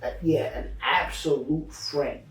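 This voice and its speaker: Man, fairly high voice, rambling, profane, casual podcast, echoey room, mic far off. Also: fairly even intonation, takes it slowly, fairly bright tone. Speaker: DJ and co-host.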